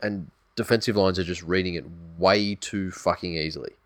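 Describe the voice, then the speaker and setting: Deep aussie guy, sweary podcast chat, dry mic. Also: steady tone, normal speed, no echo. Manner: blunt, sweary, reads listener comments. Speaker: podcast co-host. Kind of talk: casual sports chat.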